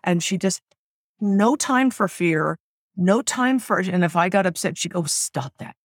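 Middle-aged singer as interview guest; rambling and lively, mid-range voice, dry close recording. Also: medium pitch, a little slow, dry recording. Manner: rambling and animated, with frequent restarts. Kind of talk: candid conversational storytelling.

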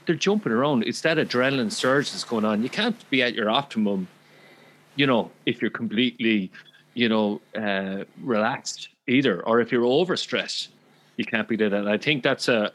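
A man's voice: fairly low pitch, moderate pace, fairly bright tone, low-quality recording. A man hosting an interview, asking questions and agreeing with his guest, often restarting his sentences. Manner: affirming, talks in restarts and fillers. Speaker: podcast host. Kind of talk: conversational interview.

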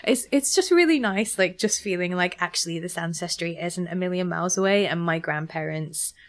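A woman's voice: fairly low pitch, a little fast. A young woman chatting casually, full of fillers and restarts. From United Kingdom. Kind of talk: casual chat.

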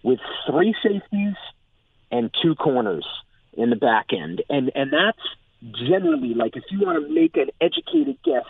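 Excitable male football reporter phoning in, gravelly and husky, tinny line. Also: a little high, moderate pace, dry recording. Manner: animated, filler-heavy, excited. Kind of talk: phone-in sports analysis. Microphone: phone.

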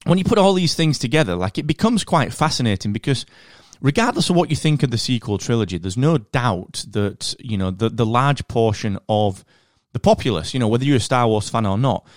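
Animated Northern English male podcast host. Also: medium pitch, fairly quick, few pauses, dry recording, studio quality. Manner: animated, chatty, rambling with fillers. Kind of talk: casual podcast monologue.

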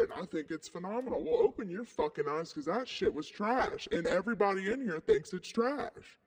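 Lively young woman in a reverberant room. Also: lowish voice, a little fast, husky. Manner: emphatic, exclaiming, laughs often. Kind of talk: casual chat.

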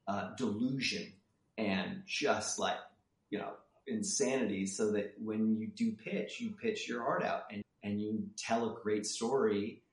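A man guest on a casual interview, telling stories with lively energy and acting out the people in them. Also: fairly low pitch, echoey room. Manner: animated storyteller who acts out people in his anecdotes. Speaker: author and screenwriter guest.

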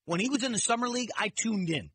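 A man's voice: sits high, fast talker, husky. A middle-aged man guest-hosting sports talk radio, telling stories animatedly and acting out quotes. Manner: animated storyteller, acts out quotes.

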